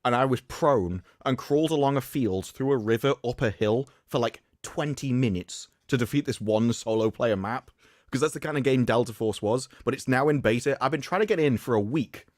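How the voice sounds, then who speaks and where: A man's voice: mid-range voice, moderate pace, a little mellow, no echo, studio quality. A man co-hosting a live stream, rambling and opinionated in casual chat. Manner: rambling, opinionated, frequent restarts. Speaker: stream co-host.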